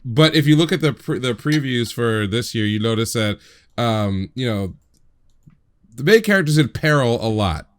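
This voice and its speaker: Male podcast co-host, clear full voice, mid pitch, thinks out loud. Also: animated, moderate pace. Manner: rambling, filler-heavy explaining. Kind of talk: casual chat.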